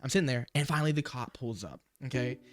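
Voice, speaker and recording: A man's voice: medium pitch, lively intonation, fast. A young man animatedly retelling a story in a slangy storytime vlog, often saying "bro". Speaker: vlogger.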